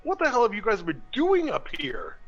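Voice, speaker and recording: A man playing a tabletop game in casual, excitable banter with his party. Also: high voice, normal speed, lo-fi sound. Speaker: player. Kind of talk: casual tabletop role-play.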